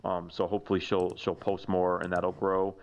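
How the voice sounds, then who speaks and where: Man, low voice, casual podcast chat, rambling, excitable, muffled lo-fi audio. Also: normal speed, gravelly, a little hiss or hum. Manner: rambling, excitable, lots of fillers and restarts. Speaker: podcast co-host. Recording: dull lo-fi sound.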